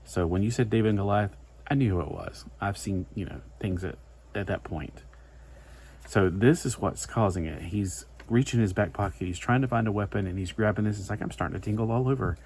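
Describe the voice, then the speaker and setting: A man's voice: on the low side, normal speed, vocal fry, a little mellow, a little hiss or hum. A man giving a casual, rambling comic book review, full of chatty asides and filler words.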